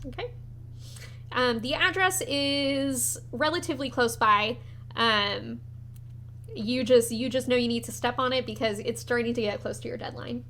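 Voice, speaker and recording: A woman narrating as game master of a tabletop horror game, animated and quick to swear. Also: a little high, a little hiss or hum.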